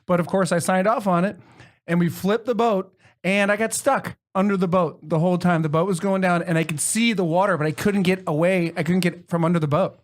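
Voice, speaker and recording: A man hosting a podcast, telling stories in an animated, profane way. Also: high voice, fairly quick. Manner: animated storytelling with swearing. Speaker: podcast host. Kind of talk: casual chat.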